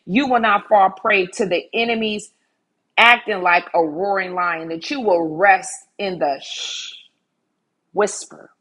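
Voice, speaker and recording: A woman preaches with fervent, repeating phrases and a breathy, husky edge to her voice. She often sinks to a soft hush and then swells again. Her voice sits at a middle pitch and comes through close to the microphone. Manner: fervent and repetitive, drops to soft hushes. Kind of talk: online sermon with altar call.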